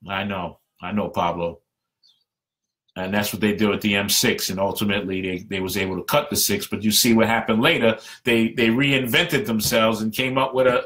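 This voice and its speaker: A man's voice: on the low side, bright, forceful tone. A man giving a passionate, emphatic live-stream talk to union members as their representative.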